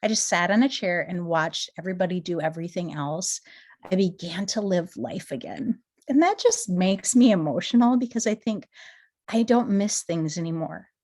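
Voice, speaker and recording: A woman in her forties from Minnesota, giving an earnest, emotional testimony as a guest speaker and rising into excited rhetorical questions. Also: on the low side, moderate pace. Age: 40s. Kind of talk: motivational company testimony.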